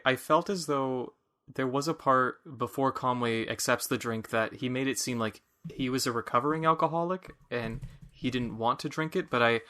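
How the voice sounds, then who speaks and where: Man with a bright, sharp voice; animated, casual podcast talk. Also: mid-range voice. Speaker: podcast co-host or guest. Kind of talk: casual video game discussion.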